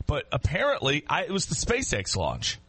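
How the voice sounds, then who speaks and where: Man, sports radio co-host, rambling casual banter, bright tone, dry studio sound. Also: fairly high pitch, wildly swooping pitch, normal speed, husky, no room sound. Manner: rambling, many restarts and fillers.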